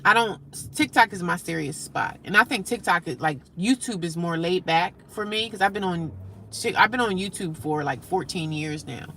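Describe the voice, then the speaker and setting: A middle-aged woman talks casually to her live-stream viewers, answering their comments as she goes. Her voice sits low, with a gravelly edge and a bright, forward tone. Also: normal speed, a little hiss or hum.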